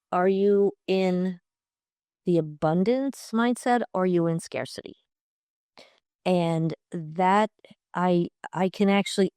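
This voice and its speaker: Here a podcast guest from Long Island, New York, a middle-aged woman, talks in an enthusiastic, chatty interview style full of fillers. She has a fairly low, warm voice, captured dry at studio quality.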